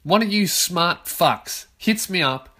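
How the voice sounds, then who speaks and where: A man in his twenties with an Australian accent hosts a solo podcast from his own bedroom. His voice sits a bit higher than most men's, and he swears constantly. He rants in loud, fired-up bursts. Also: animated, takes it slowly. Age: 20s. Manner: profane, ranting, loud outbursts. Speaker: podcast host. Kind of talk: casual solo podcast rant.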